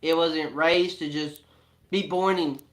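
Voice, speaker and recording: A man, telling homestead stories in a casual, animated, laughing way. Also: a little high, takes it slowly. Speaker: family homesteader, co-host. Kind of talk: casual storytelling chat.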